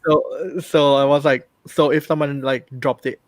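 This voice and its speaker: A man's voice: on the high side, fairly even intonation, measured pace, no room sound. Thai-accented man, hesitant casual chat. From Thailand. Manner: hesitant, many ums and restarts.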